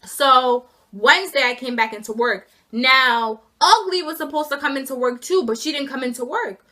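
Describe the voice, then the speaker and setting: A seventeen-year-old girl telling a storytime vlog about losing her job, in an animated, exasperated rant. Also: high voice, a little fast, few pauses. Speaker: student vlogger.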